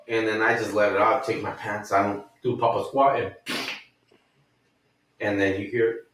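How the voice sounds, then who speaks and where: A man's voice: fairly low pitch, fairly even intonation, moderate pace, fairly bright tone. Profane man telling a story, far off mic in an echoey room. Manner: profane, rambling storyteller who acts out quotes. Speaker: podcast co-host. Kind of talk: casual storytelling chat.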